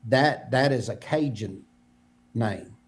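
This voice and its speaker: A man with a mid-pitched, everyday voice talks on a casual podcast. He tells stories in a rambling way, stopping and restarting and repeating himself as he goes. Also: slow pace. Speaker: podcast co-host.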